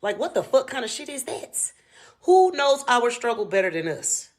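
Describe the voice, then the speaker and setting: A woman's voice: on the high side, sing-song, normal speed. An American woman giving a blunt, heavily profane rant as commentary. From United States. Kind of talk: ranting commentary.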